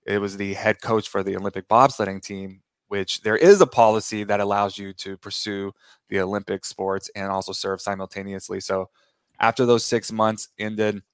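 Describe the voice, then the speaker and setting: Low, flat-voiced man telling stories. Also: moderate pace, clear, resonant tone, no room sound. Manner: rambling, self-correcting, laughs while telling stories. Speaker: guest. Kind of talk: casual interview storytelling.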